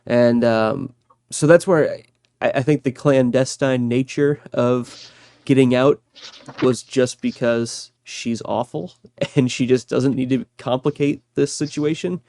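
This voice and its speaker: A man's voice: mid-range voice, fairly even intonation, measured pace, darkish tone, no echo. Thoughtful male podcast co-host, dry sound. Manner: thoughtful, laughs often, hesitant restarts. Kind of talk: casual chat.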